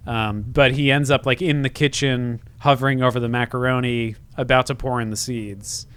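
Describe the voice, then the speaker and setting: A man's voice: medium pitch, steady tone, normal speed, fairly bright tone, clean tone. A man co-hosting a casual podcast, blunt and sarcastic, swearing freely as he talks. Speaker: podcast co-host. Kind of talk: casual chat.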